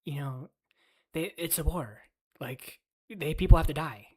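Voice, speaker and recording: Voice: medium pitch, unhurried, breathy edge. A streamer mocking a smug male pundit. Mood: preachy. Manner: preachy, callous, matter-of-fact. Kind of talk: livestream rant.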